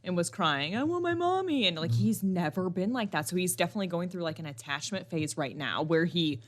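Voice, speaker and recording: A young woman co-hosting a podcast, telling stories in casual chat with lively animation and frequent laughter. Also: lowish voice. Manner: animated storyteller, quick to laugh. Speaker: podcast co-host.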